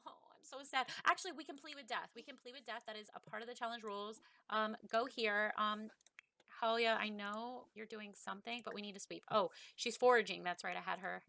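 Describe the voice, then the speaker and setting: Bright-voiced woman streaming a game. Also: mid-range voice, steady tone, fairly quick, creaky. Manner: emotional, swings from soft muttering to loud yelling; chatty, many fillers, talks to her viewers. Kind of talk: Let's Play commentary.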